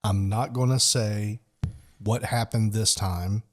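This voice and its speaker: A man's voice: fairly low pitch, steady tone, takes it slowly, faint music behind. A man co-hosting a podcast in casual chat, dropping dry wisecracking asides. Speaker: podcast co-host.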